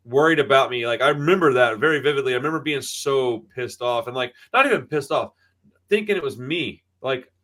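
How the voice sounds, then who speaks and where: A man's voice: medium pitch, lively intonation, fairly quick, a bit bright. A man in his thirties, a podcast co-host, chatting casually and telling stories with lots of swearing, acting out the people he quotes. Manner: profane storytelling, acts out quoted voices. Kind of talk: casual chat.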